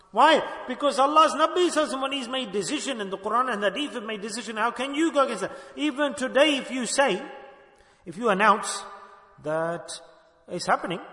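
Older man, emphatic sermon, high bright voice, rhetorical questions. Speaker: preacher. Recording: echoey hall with long reverb.

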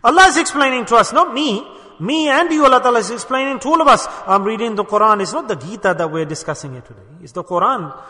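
A man's voice: very high-pitched, expressive, fast talker, pushed and bright. A man preaching a sermon at a mosque gathering, impassioned and urging his listeners with rhetorical questions. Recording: reverberant hall.

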